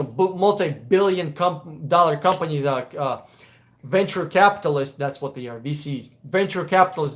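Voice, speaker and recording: A man's voice: a little high, fairly bright tone. A man with a Russian accent hosting a casual live Q&A stream, answering chat questions in a blunt, profane, opinionated way. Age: adult.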